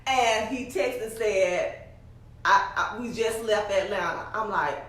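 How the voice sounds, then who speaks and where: A woman's voice: medium pitch, measured pace, fairly bright tone. A middle-aged woman, interviewing guests in a chatty way and laughing through her stories. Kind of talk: casual interview. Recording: roomy sound from a distance.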